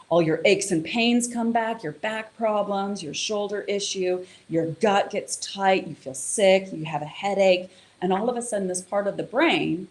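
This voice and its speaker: A woman who teaches yoga and meditation, explaining in a casual, chatty way and telling a story. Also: mid-range voice. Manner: casual, chatty, with fillers and acted-out quotes.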